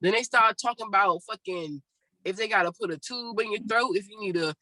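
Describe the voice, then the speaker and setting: A podcast co-host telling stories in casual, profane chat, with a sore throat after surgery. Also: female voice, mid-range voice, fairly quick, no echo, poor audio. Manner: profane, animated storytelling.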